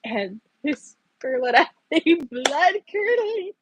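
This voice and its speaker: A woman's voice: high voice, sing-song, slow, noisy background. A young woman hosting a casual stream, telling stories and laughing often. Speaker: streamer host. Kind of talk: casual chat. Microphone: earbuds.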